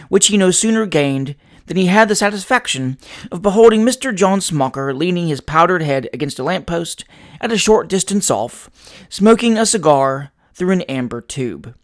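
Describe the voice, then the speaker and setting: A man reads a classic novel aloud as an audiobook narrator, measured and expressive in his storytelling. His voice sits somewhat high for a man.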